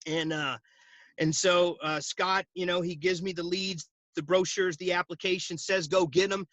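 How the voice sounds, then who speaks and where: A man in his forties telling a story in an interview over a video call, animated and laughing often as he acts out the dialogue. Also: sits high, normal speed, dry recording, dull audio. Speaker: guest, insurance agency owner. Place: at home.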